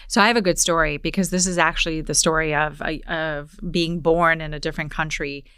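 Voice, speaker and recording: A woman in her forties, born in Poland, hosts a podcast and tells a personal story in a lively, chatty way. Her voice sits on the lower side, smooth and resonant, recorded dry and close. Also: a little fast, dry recording. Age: 40s. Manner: storytelling, animated retelling. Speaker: podcast host. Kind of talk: casual conversation.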